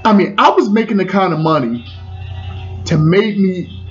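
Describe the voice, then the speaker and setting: A man's voice: sits high, expressive, moderate pace. A man in his forties telling a personal story, repeating phrases and stumbling over restarts. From Washington DC area. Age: 40s. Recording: dull lo-fi sound with faint music.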